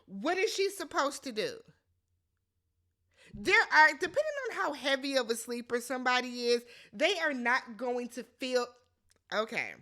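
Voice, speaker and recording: Female recap host, high and bright voice, animated, blunt, exclaiming. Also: unhurried. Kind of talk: casual recap commentary.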